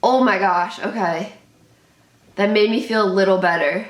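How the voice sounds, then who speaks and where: A woman's voice: medium pitch, moderate pace, reverberant. A young woman hosting a live reaction to a football game, anxious and exclaiming, often repeating herself. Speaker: sports channel host reacting live.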